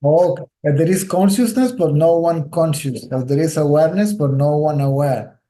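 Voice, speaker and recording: A man's voice: on the high side, normal speed, mellow. A man with an Indian-tinged accent giving a patient spiritual teaching, often checking in with "right?". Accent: Indian-tinged English. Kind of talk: nondual teaching talk. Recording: roomy echo.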